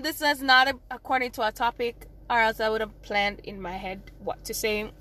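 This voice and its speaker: A woman, hosting her own podcast in a rambling, casual solo chat with sudden loud outbursts. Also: high voice. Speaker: podcast host.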